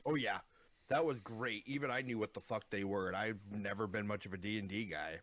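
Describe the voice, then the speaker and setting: A man co-hosting a podcast in casual chat, blunt and swearing freely, recounting scenes with bursts of excitement. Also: on the low side, brisk. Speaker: podcast co-host.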